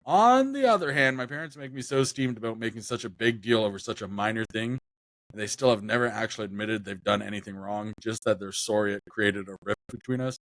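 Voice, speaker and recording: A man's voice: on the low side, fairly quick, fairly bright tone, no room sound, studio quality. A young man chatting casually on a podcast, rambling with lots of fillers and restarts. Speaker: podcast co-host.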